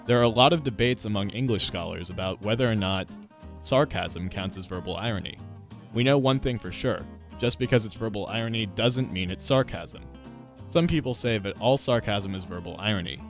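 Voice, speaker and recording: A man teaching a literature lesson in a scripted narration, explaining clearly and speaking directly to students. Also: on the low side, brisk, faint music behind.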